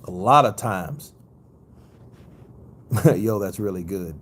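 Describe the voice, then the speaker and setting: A man's voice: sits low, slow pace, fairly bright tone, husky. A man hosting a casual boxing livestream, reading viewer comments in a loose, profane way and laughing easily. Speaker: boxing news host.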